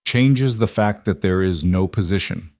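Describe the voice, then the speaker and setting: A man's voice: low-pitched, unhurried, no room sound, studio quality. A man doing a cold, severe aristocrat. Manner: flat, curt.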